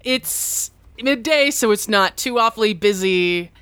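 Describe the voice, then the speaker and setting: A woman's voice: mid-range voice, expressive, a little slow, fairly bright tone, smooth. A woman narrating a tabletop role-playing game as game master, chatty and laughing often.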